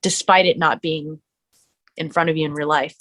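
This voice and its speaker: A young adult woman, a musician and streamer, chatting casually as a podcast guest, full of "like" fillers and quick to laugh. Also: deep voice, fairly even intonation, a bit bright.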